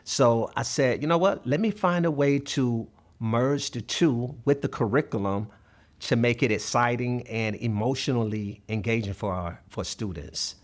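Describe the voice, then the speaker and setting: A math coach in his fifties tells stories during an interview, earnestly acting out the dialogue. He speaks in a mid-range voice at a measured pace.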